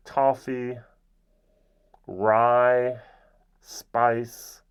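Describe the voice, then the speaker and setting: A man talks through a whisky tasting in a loose, chatty way at a middling pitch, often stopping to search for a word. The audio is a little dull and lo-fi. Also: a little slow. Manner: relaxed, rambling with frequent ums. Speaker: whisky reviewer. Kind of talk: casual tasting review.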